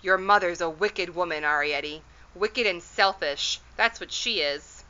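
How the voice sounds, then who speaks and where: A woman's voice: fairly low pitch, pushed and bright, lo-fi sound. A woman voicing an anxious, tearful little mother who scolds and frets. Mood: upset. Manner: fretful, scolding, quick to tears.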